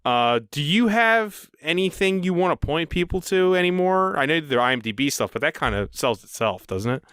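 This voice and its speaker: This man is hosting a podcast and chatting casually with his guest. He's excitable and quick to laugh. His pitch sits a little high and jumps around a lot. The tone is bright and sounds dry and close to the mic. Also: clean tone, no room sound. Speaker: podcast host. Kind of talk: casual interview chat.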